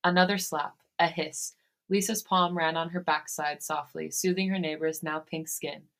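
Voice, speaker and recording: A woman podcast host reading fan fiction aloud, steady in her reading and given to breaking into laughter. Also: deep voice, moderate pace, vocal fry.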